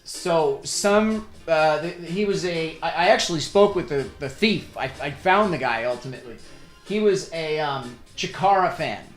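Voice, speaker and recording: A man's voice: a little high, lively intonation, normal speed. A man hosting a livestream in casual chat, rambling and stammering as he tells a story. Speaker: livestream host. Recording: roomy echo, faint music.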